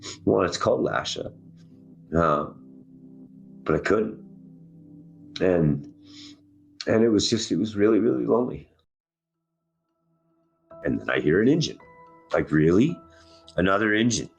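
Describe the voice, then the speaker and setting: Faint music plays behind a man recounting how he survived, his very deep, husky voice swinging widely in pitch as emotion lifts and lowers it. He speaks a little slowly, pausing often, in a raw and intense way.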